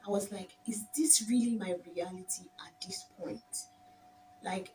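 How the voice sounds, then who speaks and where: A young woman with a Nigerian accent recounts her story in an emotional, animated way, with a mellow, dark tone. She sits some distance from the microphone, with a faint hiss of background noise behind her. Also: mid-range voice. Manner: emotional, animated, addresses viewers as "my dears". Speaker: vlogger. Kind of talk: personal storytelling.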